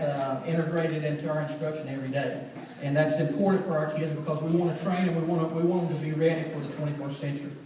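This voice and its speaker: A man's voice: fairly high pitch, darkish tone. A man leading a school system, giving a rambling welcome speech at a school assembly with many restarts and thanks. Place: school assembly hall, indoors. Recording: echoey hall from far off.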